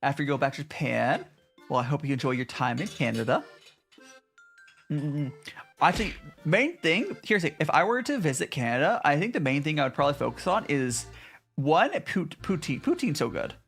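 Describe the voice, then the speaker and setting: A male streamer chats casually with his viewers, his pitch bouncing up and down in a lively way. He reads messages aloud and answers them with plenty of restarts. Soft music plays quietly in the background. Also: normal speed, vocal fry, slightly rough. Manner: chatty, reads and answers chat, many restarts. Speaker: VTuber streamer. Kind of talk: casual live-stream chat. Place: home stream in Japan.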